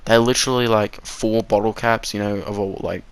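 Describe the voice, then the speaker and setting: A man's voice: fairly low pitch, fairly even intonation, normal speed, clear, resonant tone, no room sound. Swearing teenage boy. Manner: rambling, swears freely, laughs at own slips. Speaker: vlogger. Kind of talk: casual story time.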